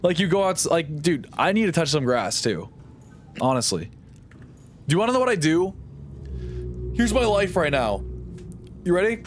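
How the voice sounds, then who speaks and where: A man's voice: a little high, sing-song, moderate pace, pauses often, faint music behind. A young man streaming a game live, chatting in a rambling, jokey, sarcastic way. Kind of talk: casual live-stream chat while gaming.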